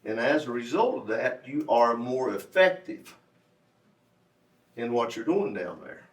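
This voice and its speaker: This man, a candidate for state delegate, gets animated in a folksy, rambling speech at a club meeting, hammering his points through repetition. He speaks a little slowly at medium pitch, recorded from a distance with roomy echo in a meeting room.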